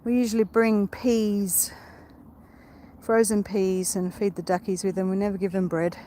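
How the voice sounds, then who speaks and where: Woman, rambling and chatty, mellow voice, phone mic outdoors, faint background noise. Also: mid-range voice, flat delivery, moderate pace. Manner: chatty, rambling, easily distracted. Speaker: vlogger. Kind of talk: casual live-stream walk. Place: outdoors in a park. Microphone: phone held while walking.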